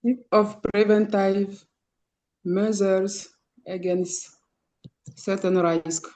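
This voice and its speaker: Very slow, hesitant female student. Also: mid-range voice, steady tone, dark tone, slight background noise, low-quality recording. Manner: hesitant, answering a teacher's question.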